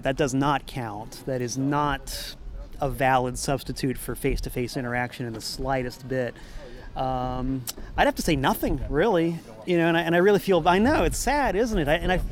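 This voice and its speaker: A man, a musician and former record store owner, talking in a rambling, upbeat way in a casual interview in a parking lot. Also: on the high side. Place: parking lot outside a venue.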